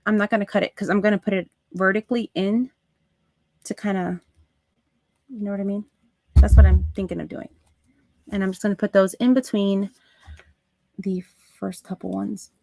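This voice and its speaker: A woman hosting a live crafting stream, chatting to her viewers as she works, with soft asides under her breath. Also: medium pitch, steady tone, moderate pace, vocal fry, pauses often, no room sound. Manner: talks to chat viewers while working, soft asides. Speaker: craft livestream host.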